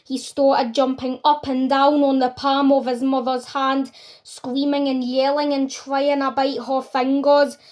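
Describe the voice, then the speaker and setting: High-voiced woman reading a storybook. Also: unhurried. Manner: expressive storytelling. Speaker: reader. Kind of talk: reading a children's novel aloud.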